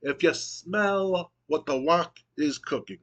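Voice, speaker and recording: A man reading out a trash-talking promo as a boastful male pro wrestler who speaks of himself in the third person, in a higher, drawn-out voice. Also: fairly bright tone.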